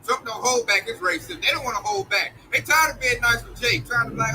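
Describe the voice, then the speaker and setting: High, sharp-voiced blunt preacher man. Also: fast, slight background noise, low-quality recording. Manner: blunt, slangy, mocking, acts out voices. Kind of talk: informal street-style sermon.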